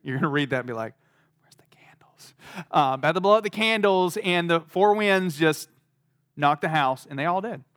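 Fairly quick and animated, with a slightly high, fairly bright voice, a man gives a relaxed Bible lesson. He chats, laughs now and then, and fills his speech with "like," all captured in clean studio sound with no echo.

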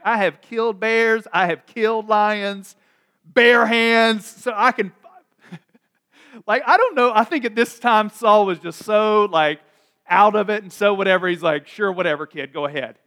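Chatty high-voiced man preaching. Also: fairly bright tone, clean tone. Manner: chatty, acts out the characters' lines in quick asides. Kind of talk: casual sermon retelling a Bible story.

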